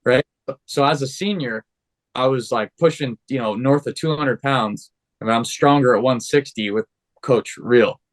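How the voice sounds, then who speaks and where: Casting: young adult man, podcast guest, animated storyteller with a mid-range voice. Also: mid-range voice, unhurried. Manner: animated, acts out quoted dialogue. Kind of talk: casual storytelling.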